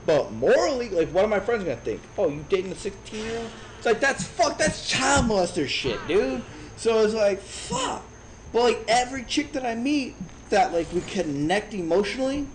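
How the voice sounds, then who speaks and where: A man in his thirties from Chicago, telling a profane, animated story in a casual rant while streaming a game. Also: sits high, a little hiss or hum, poor audio. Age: 30s.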